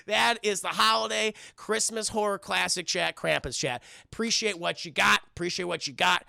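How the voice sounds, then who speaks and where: An animated male streamer retelling a film scene by scene to his live chat, swearing freely. His voice sits high, with a heavy creaky fry and a bright edge, recorded close and dry. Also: moderate pace, hardly any pauses, dry recording. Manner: animated, profane, keeps addressing chat.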